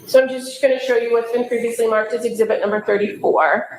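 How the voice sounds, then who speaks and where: A woman's voice: a little high, fairly even intonation, a little mellow, a little hiss or hum. Woman questioning a witness in an echoey courtroom. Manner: methodical, measured questions with frequent ums. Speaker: prosecutor.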